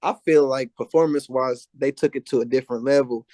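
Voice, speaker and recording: A man's voice: mid-range voice, steady tone, a little fast, a little mellow, no echo. A young American man as a podcast guest, laid-back and slangy, often repeating his phrases. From United States. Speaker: guest musician. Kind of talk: casual interview chat.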